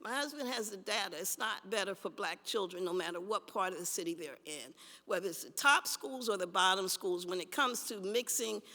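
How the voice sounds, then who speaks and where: Older woman, passionate public testimony in an echoing chamber with a bright, forceful voice. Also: mid-range voice, fairly quick. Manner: impassioned, repeats herself. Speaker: public commenter. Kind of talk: public testimony at a council hearing. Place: council chamber. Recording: long hall reverb.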